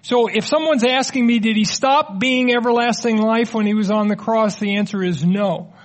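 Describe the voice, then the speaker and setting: Middle-aged guy preaching, pretty high voice, chatty, explains stuff and cracks little jokes. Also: moderate pace. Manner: conversational, explanatory, joking asides. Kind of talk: teaching sermon with audience questions.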